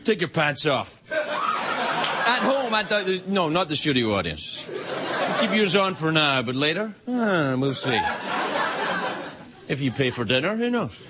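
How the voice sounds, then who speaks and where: A man's voice: fairly high pitch, big pitch swings, a little slow, a loud crowd. A Scottish man hosting a late-night show, delivering a teasing comedy monologue in a TV studio. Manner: playful, teasing, joking. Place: TV studio before a live audience. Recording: loud studio audience laughter and noise.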